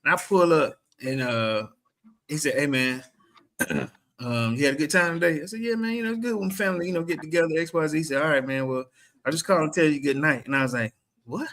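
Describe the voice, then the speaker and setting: Animated man telling a story. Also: fairly high pitch, fast. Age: adult. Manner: animated, acts out quotes in raised voice. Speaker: podcast co-host. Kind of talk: casual chat, storytelling.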